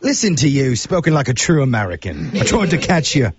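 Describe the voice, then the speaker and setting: A man's voice: brisk, lo-fi sound, crowd noise, natural voice. A man putting on a smug fake-British tour guide. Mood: teasing, smug. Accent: fake British accent. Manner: condescending, teasing, lively pitch swings. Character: pushy, cheeky adult male London tour guide.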